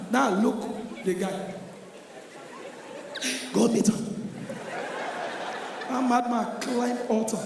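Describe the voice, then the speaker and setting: A Nigerian man doing a stand-up comedy routine on a live stage, loud and excitable, often breaking into shouts. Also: very high-pitched, drawn-out words, creaky, pauses often, noisy background. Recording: echoey live venue with crowd.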